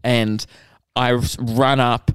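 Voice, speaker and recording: A young Australian man, a comedian and podcast co-host, telling a story in an animated, swearing, act-it-out way. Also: mid-range voice, takes it slowly, smooth, no room sound. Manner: animated, swears freely, acts out quotes.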